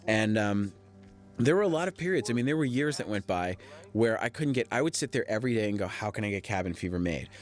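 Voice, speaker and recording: A man's voice: mid-range voice, expressive, quick pace, faint music behind. A young man, a film director, rambling candidly through a DVD commentary with frequent swearing.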